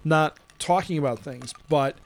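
A man co-hosts a casual podcast with a high-pitched voice. He answers his partner with wry, good-natured comebacks. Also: unhurried, creaky, no echo. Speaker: podcast co-host.

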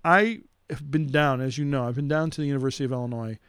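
A man co-hosting a casual chat, joking around and slowly spelling out codes. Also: mid-range voice, fairly bright tone, clean tone, dry recording, clean studio sound. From Chicago area. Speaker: podcast co-host.

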